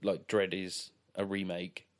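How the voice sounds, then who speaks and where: A man, co-hosting a podcast and discussing a film in a relaxed way, with lots of fillers like "like". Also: low-pitched, a little slow. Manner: relaxed, filler-heavy, agreeable. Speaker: podcast co-host.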